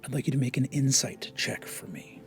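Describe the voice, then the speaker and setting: A man's voice: mid-range voice, moderate pace, over music. Dramatic whispering game master, man. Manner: dramatic, swinging between hushed whispers and loud narration. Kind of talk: narrating a tabletop game.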